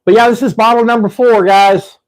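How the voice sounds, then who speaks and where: A man's voice: very high voice, steady tone, fairly quick, low-quality recording. Rambling man on a live stream. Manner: rambling storyteller, frequent restarts. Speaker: livestream host. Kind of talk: casual live-stream chat. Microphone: livestream setup.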